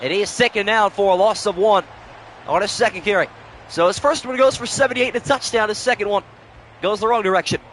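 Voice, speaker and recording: Talking fast in a high, fairly bright voice, a young man narrates a live stream like an announcer, then drops into casual chat with viewers. He's running low on sleep, and there's slight background noise.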